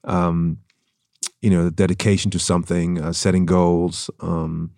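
A man's voice: sits low, little pitch movement, unhurried, creaky, a little mellow, no room sound, clean studio sound. A middle-aged man from Germany with a light German accent, talking reflectively as an interview guest, with frequent fillers. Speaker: guest, actor and former tennis player. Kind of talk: casual interview chat.

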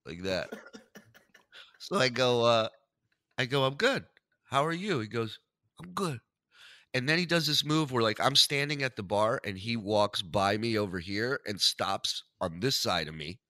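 A man hosting a podcast, telling a story in casual, profane, animated chat. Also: mid-range voice, dry recording, clean studio sound. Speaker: podcast host.

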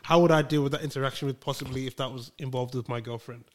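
A man's voice: mid-range voice, steady tone, quick pace. A young man in casual chat, rambling and hesitant, talking through his thoughts. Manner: rambling, hesitant, lots of fillers.

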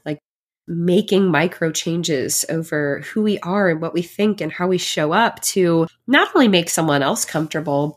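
Woman, pregnant, solo podcast host, fairly low voice, heartfelt, reflective, chatty.

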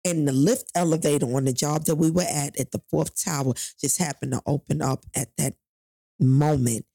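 A middle-aged New York woman tells a painful personal story in an interview, speaking candidly and profanely and acting out the voices of the people involved. Her low-pitched voice is creaky and mellow with a breathy edge, keeping a steady tone at a moderate pace, in clean studio sound with no echo.

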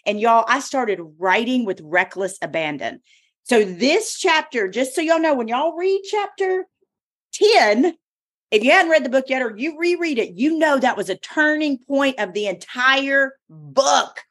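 Emphatic, expressive woman telling her story. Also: high voice, a little slow. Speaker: podcast host and author. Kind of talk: casual podcast chat.

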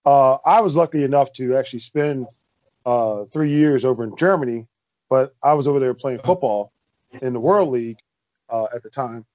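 A man's voice: medium pitch, moderate pace, a little mellow, no echo, muffled recording. A man co-hosting a podcast, chatting casually and enthusiastically over a video call, laughing often. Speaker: podcast co-host.

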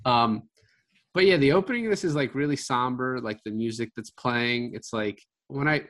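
A man's voice: mid-range voice, moderate pace, a bit bright. A man co-hosting a podcast, chatting casually about a film in a rambling way full of filler words. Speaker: podcast co-host.

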